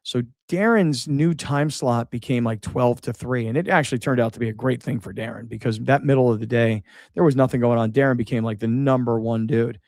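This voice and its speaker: A middle-aged man hosting a radio show, remembering a late friend in halting speech that repeats words and shifts between sadness and laughter. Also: mid-range voice, darkish tone, no echo, clean studio sound. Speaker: radio host. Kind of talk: emotional on-air remembrance.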